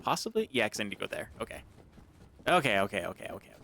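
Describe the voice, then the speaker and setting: A man's voice: on the low side, very animated, racing, creaky, sharp tone. A man playing a game while chatting casually, muttering to himself as he plays. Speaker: player in a let's play. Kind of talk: casual gaming chat.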